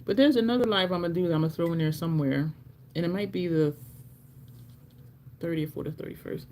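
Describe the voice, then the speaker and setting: Lady rambling on her makeup livestream, lowish voice, laughs a lot, just chatting away. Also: quick pace, a little mellow, slight background noise. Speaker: livestream beauty host. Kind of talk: casual livestream chat while doing makeup.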